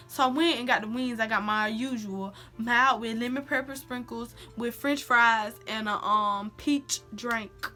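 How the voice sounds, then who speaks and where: A woman's voice: on the high side, unhurried, few pauses, soft background music. A young woman telling a personal story in a casual, slangy vlog, acting out quotes. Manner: animated, slangy, acts out quotes. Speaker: vlogger.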